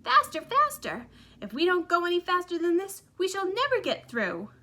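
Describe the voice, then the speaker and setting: An exuberant, gushing candy-factory owner, a grown man full of theatrical delight, as a woman reader puts him on. The voice sits high and bright, with crisp exclamations that tumble over one another in a storybook telling. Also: big pitch swings, moderate pace, exaggerated voice. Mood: exhilarated. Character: excitable eccentric male candy factory owner.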